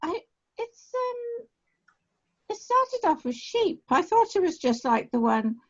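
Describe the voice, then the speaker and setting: High-voiced woman, slow chatty talk. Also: big pitch swings. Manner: chatty, repeats herself. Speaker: online class participant. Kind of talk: casual chat. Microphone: video call. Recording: dull lo-fi video call audio.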